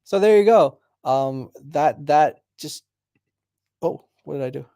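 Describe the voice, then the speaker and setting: A man hosting a casual online discussion, chatty and quick to laugh as he reads out clips. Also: on the high side, lively intonation, vocal fry, warm tone. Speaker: discussion group host.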